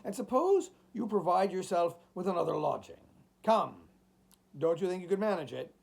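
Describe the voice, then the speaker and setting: A man's voice: high-pitched, big pitch swings, moderate pace, gravelly, full character voice. A man reading as a hard-hearted stout landlord. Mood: cold. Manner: speaks softly, menacing.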